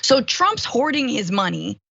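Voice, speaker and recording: A woman filling in as host of a political talk show, chatting casually with quick, sarcastic asides. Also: a little high, sing-song, vocal fry, fairly bright tone, slightly rough, no room sound, highs cut off. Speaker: fill-in host.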